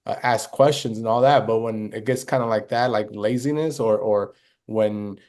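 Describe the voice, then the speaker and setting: A man co-hosting a casual podcast as a fan group leader, speaking frankly in halting phrases full of fillers. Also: on the low side, darkish tone.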